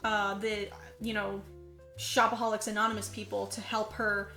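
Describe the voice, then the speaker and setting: A woman's voice: medium pitch, normal speed, roomy sound, faint music behind. A woman co-hosting a podcast, animatedly retelling a film plot in casual chat and acting out the characters' lines. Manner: animated storyteller, acts out quotes, says "like" a lot. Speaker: podcast co-host. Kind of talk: casual chat recapping a movie.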